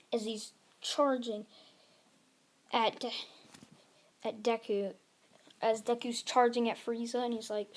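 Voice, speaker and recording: A woman improvises a fan-fiction story, rambling and restarting as she goes. She talks slowly in a fairly high voice, narrating action scene by scene. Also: a little mellow. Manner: rambling, with many restarts and fillers.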